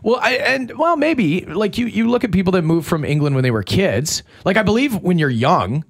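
A man co-hosting a radio show, joking and skeptical in quick asides. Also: high-pitched, sing-song. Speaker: radio co-host. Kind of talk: casual talk radio banter.

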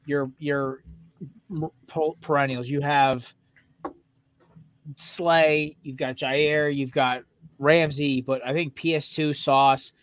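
A man's voice: fairly high pitch, fairly even intonation, slow, long pauses. A young man co-hosting a podcast, ranting heatedly and profanely in casual sports chat. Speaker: podcast co-host.

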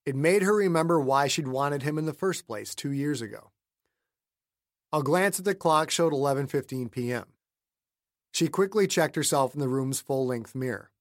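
A man reads a novel aloud in an even, measured way. His voice sits a little high for a man. The recording is dry and close, with no room echo. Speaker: audiobook narrator. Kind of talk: scripted narration.

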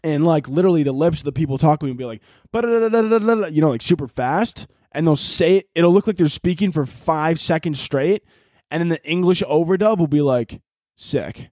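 Podcast host dude ranting, swears a lot, kinda highish voice, dry close mic. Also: male voice, brisk, no room sound. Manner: rambling, profane, animated. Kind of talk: casual comedic rant.

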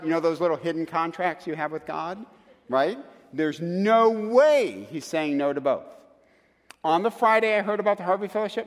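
A man's voice: on the high side, big-room sound. A man preaching a sermon, telling a personal story with acted asides and direct questions to the congregation. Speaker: pastor.

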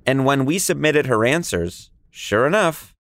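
A young man with a New York accent narrates a podcast with a playful, jokey edge. His pitch swings up and down as he talks. The sound is dry and close. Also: expressive, a little slow, fairly bright tone, no echo. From New York area. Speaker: podcast host. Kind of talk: scripted podcast narration and chat.

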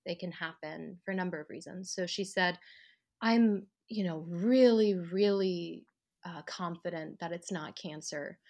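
A woman, an actor and writer, telling a personal story at home in an interview, acting out the voices of people she quotes. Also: lowish voice. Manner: reflective, acts out quoted voices with lively rises. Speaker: podcast guest, actor and writer. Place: at home, living room.

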